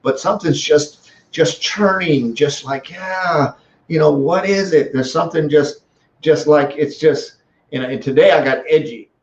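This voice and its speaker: A man talks to his live audience in a casual, storytelling way. He stops and restarts his sentences often and stays animated. The sound is roomy and a little muffled, as if it was recorded in a small office. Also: on the high side, unhurried. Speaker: host. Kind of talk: casual live-stream talk. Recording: echoey room, dull lo-fi sound.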